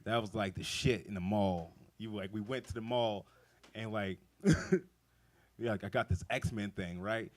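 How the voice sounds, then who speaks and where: Low-voiced man rambling through stand-up. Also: fairly even intonation, measured pace. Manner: rambling, profane storytelling with frequent laughs. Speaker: stand-up comedian. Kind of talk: stand-up comedy set. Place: outdoor backyard show.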